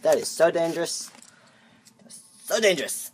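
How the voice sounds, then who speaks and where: A man's voice: on the high side, lively intonation, normal speed, long pauses, slight background noise. A man chatting casually while unboxing off camera, rambling and muttering to himself as he fumbles, recorded by a camera on a tripod. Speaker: unboxing vlogger.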